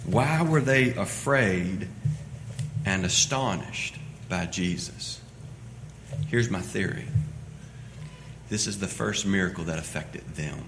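A man preaching a sermon as pastor, swinging between loud emphatic lines and quiet low asides. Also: slow pace, pauses often, noisy background. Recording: echoey hall with long reverb.

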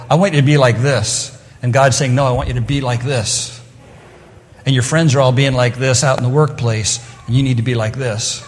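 A man's voice: medium pitch, a little hiss or hum. A middle-aged man preaching an evening sermon in an earnest, conversational way, now and then acting out the voices he quotes. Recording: long hall reverb.

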